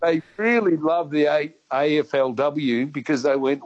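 A man with an Australian accent, a guest in a casual radio chat who talks in a chatty, animated way and often restarts his sentences. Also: fairly high pitch, moderate pace, hardly any pauses. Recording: dull lo-fi sound.

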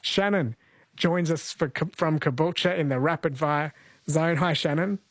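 Upbeat man, higher voice. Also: dry recording. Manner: brisk, upbeat and chatty. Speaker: radio quiz host. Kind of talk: live radio banter.

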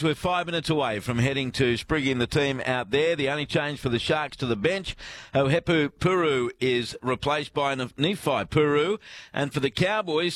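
A man's voice: on the high side, fairly bright tone, a little hiss or hum. An Australian man hosting sports radio, bantering with his co-hosts and reading listener texts aloud.

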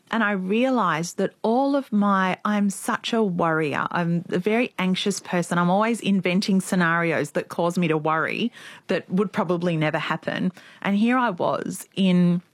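A woman in her forties speaks as an interview guest, slightly low in pitch, earnest and reflective. Her delivery is quietly emotional. The sound is dry and close, with no room echo. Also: lively intonation, moderate pace. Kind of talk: personal storytelling in a conversation.

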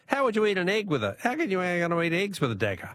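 A man's voice: high voice, wildly swooping pitch, racing, fairly bright tone, no echo, clean studio sound. A man with an Australian accent hosting a radio quiz, chatty and jokey, laughing often. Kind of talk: casual radio talkback.

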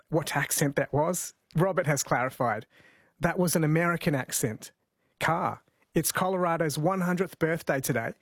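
A man runs a live radio show, chatting easily as he reads out texts and the weather. His voice sits a bit high. The studio sound is close and dry. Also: no room sound. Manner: chatty, reading listener texts aloud. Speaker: radio host. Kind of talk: live radio talk and quiz hosting.

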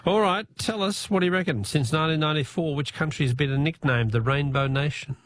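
A man's voice: a little high, fairly quick, fairly bright tone, no echo, clean studio sound. An Australian man hosting a radio phone-in quiz, chatty and upbeat with the callers.

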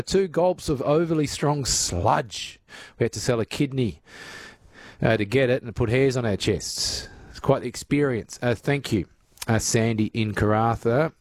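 A man's voice: mid-range voice, dry recording. An Australian man hosting talkback radio, chatting with callers and reading out listener messages. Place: radio studio.

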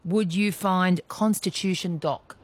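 A woman's voice: fairly low pitch, steady tone, measured pace, a little hiss or hum. A woman hosting a talkback radio quiz, chatty and playful, laughing easily with callers. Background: music bed.

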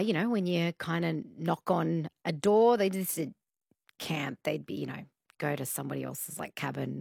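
An Australian woman hosting a radio talk show, chatting and telling stories in an animated way. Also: fairly low pitch, creaky, slightly rough, no echo, clean studio sound. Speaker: radio host.

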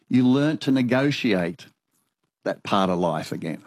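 Brief: older Australian male interviewee, low voice, dry close sound, anecdotal and animated. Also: measured pace, no room sound. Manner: animated anecdotal storyteller, acts out dialogue. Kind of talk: storytelling conversation.

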